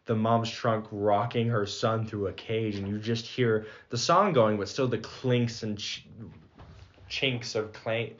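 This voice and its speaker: A young man co-hosting a casual podcast, rambling quickly and laughing often. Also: lowish voice, steady tone. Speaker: podcast co-host. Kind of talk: casual chat. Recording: dull lo-fi audio.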